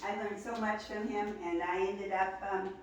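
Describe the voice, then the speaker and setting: A woman in her sixties shares a personal story at a memorial gathering, chatty and laughing as she goes, with many "you know"s. She speaks at a moderate pace in a medium-pitched, steady voice, recorded from a distance in an echoey hall with slight background noise.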